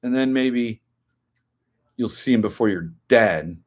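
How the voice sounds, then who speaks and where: A man's voice: medium pitch, slow pace. A man in his fifties hosting a live stream, chatting casually as he answers viewers' comments and now and then flaring into indignant rants.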